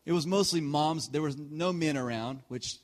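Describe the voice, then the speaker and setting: A man in his thirties preaching a sermon, telling a personal story with frequent laughs and sudden shifts from quiet asides to loud punchlines. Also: on the high side, moderate pace. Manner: animated storyteller, often laughing mid-sentence; swings between hushed asides and loud punchlines. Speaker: pastor.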